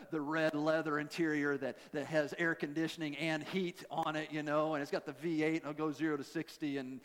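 A man with a high, light voice preaches a sermon in a folksy, joking way, full of self-deprecating asides. His words ring out with the long reverb of a church hall. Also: fairly bright tone. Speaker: pastor.

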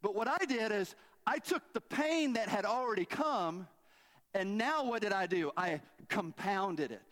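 A middle-aged man, preaching a sermon in a conversational, animated storytelling way and asking the congregation questions. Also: high voice, measured pace. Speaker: pastor.

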